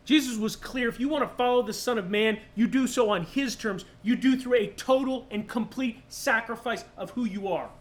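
A man's voice: extremely high pitch, moderate pace, few pauses. A male pastor preaching a sermon in a casual way, with joking, sarcastic asides.

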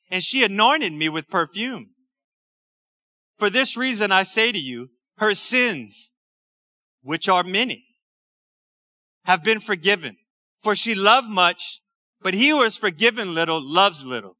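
A man's voice: sits high, lively intonation, a little slow, pushed and bright, no room sound, studio quality. A man preaching a sermon, reading scripture and explaining it in a conversational way with slangy asides. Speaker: pastor.

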